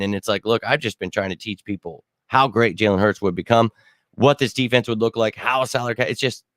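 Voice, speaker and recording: A man's voice: on the low side, fairly bright tone, dry recording. A man hosting a casual sports talk livestream, ranting in an exasperated tone and talking to his chat. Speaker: host of a sports talk show.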